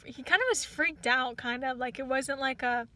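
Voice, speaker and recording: A young woman tells a casual storytime, rambling through her words with plenty of fillers and restarts. Her voice sits high and sounds bright and clear, lifting when she quotes someone. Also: moderate pace. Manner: rambling, many "like"s and restarts, quotes others in lively bursts. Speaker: rideshare driver telling a story.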